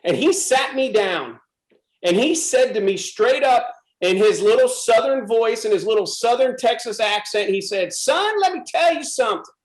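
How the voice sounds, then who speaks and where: A middle-aged man from the USA gives a frank, emphatic personal testimony. His voice sits high for a man. The recording carries a noticeable room echo. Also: normal speed. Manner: intense, emphatic storytelling. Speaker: speaker at a club presentation.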